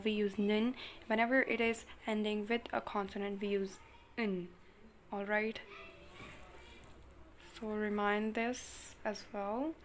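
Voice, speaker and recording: A woman's voice: on the high side, a little hiss or hum. Patient woman teaching grammar online. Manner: explains patiently with frequent "like" and "basically"; repeats example phrases slowly. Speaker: language teacher. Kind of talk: casual online grammar lesson.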